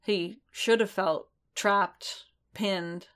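A woman narrating a fan fiction audiobook in a measured storytelling manner. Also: medium pitch, steady tone, a bit bright.

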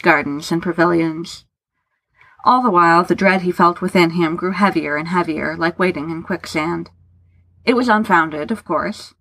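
Woman narrating a story, low and dry. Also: fairly bright tone, no echo. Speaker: audiobook narrator.

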